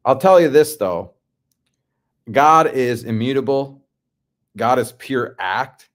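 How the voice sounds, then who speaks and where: A man's voice: mid-range voice, lively intonation, slow pace. A man from the Midwest hosting a casual livestream, reading out chat comments and answering in a laid-back, slangy way.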